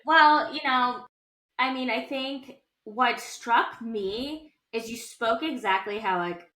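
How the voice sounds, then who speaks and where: A woman with a bright, sharp voice chats on a podcast, hesitant and filler-heavy. Her speech sits a little high, and the room around her echoes. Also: takes it slowly. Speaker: podcast co-host. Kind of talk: casual conversation.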